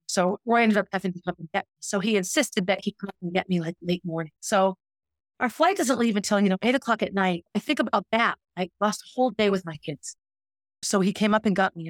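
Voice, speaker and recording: A woman's voice: mid-range voice, no echo, studio quality. A middle-aged woman hosting a podcast, telling a personal story in a candid, reflective, self-critical way. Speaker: podcast host.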